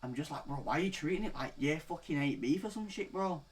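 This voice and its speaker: A young man in his late teens tells a story-time rant in a rambling, profane flow. His voice sits a little high, and he drops "bro" after nearly every phrase. He lurches between low mutters and loud, animated outbursts. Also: fast talker. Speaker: vlogger.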